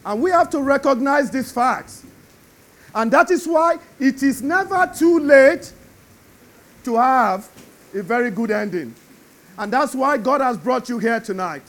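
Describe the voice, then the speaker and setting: A man preaching a sermon, animated and building to emphatic shouts. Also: very high-pitched, measured pace.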